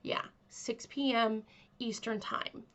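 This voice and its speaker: A woman hosts her own channel with a gentle, chatty delivery full of fillers and asides. Her voice sits a little high and sounds stuffy from a cold. The recording is muffled and lo-fi. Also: slow. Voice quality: aims to sound calming and kind. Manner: chatty, soft, filler-heavy. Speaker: vlog host. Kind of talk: casual chat to camera.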